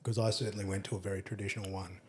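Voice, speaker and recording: A man's voice: on the low side, flat delivery, racing, slight background noise. An Australian man casually chatting over beers on a podcast, telling travel stories and swearing now and then. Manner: laid-back storyteller, swears casually. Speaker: podcast co-host.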